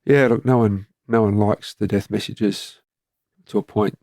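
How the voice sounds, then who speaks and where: Speaking a little slowly in a lowish, steady voice with vocal fry and a darkish tone, an Australian man in his fifties recounts frank stories from his time as a police commander. He's a guest, plain-spoken and conversational, captured on a dry, clean studio recording.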